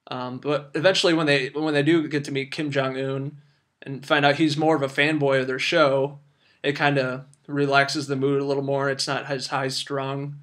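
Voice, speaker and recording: A man's voice: medium pitch, little pitch movement, normal speed, a bit bright. A young man giving a casual, rambling film review full of fillers and restarts. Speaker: movie reviewer.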